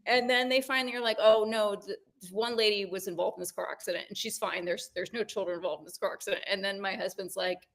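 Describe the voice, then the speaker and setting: A woman in her forties, co-hosting a podcast, telling a personal story in casual chat with animated ups and downs. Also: medium pitch, fast talker, few pauses. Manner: animated storytelling, rising when excited. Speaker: podcast co-host.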